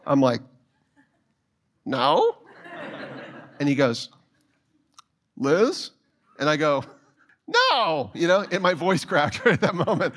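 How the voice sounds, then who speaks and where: A middle-aged man preaching a sermon, telling a personal story and putting quick questions to his listeners. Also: fairly high pitch, lively intonation. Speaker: pastor.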